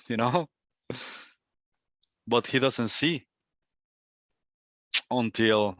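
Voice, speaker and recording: A man's voice: mid-range voice, drawn-out words, long pauses, fairly bright tone, dry recording. A man giving a reflective satsang talk as a spiritual teacher, repeating and circling back on his phrases. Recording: dull, lo-fi, dry.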